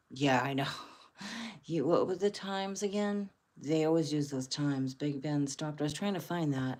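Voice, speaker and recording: A woman's voice: deep voice, dark tone. A woman hosting a casual livestream, musing aloud and rambling with many fillers. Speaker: host.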